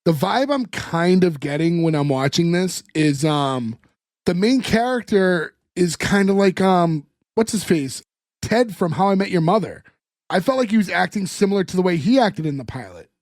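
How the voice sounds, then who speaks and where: Guy rambling about a tv episode, kinda high voice, dry close sound. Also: animated, normal speed, dry recording. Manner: rambling, lots of fillers, retells scenes. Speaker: podcast co-host. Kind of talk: casual chat recapping a TV episode.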